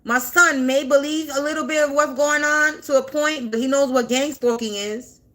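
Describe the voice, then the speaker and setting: A spiritual content creator in her forties delivers an unscripted monologue to camera in a high-sitting, sharp voice with a steady tone at normal speed. Defiant and blunt, she swears freely and drives her points home by repeating them.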